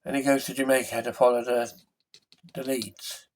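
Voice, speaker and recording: A man's voice: mid-range voice, level tone, moderate pace. Man, casual film review, rambling, self-correcting, off the cuff.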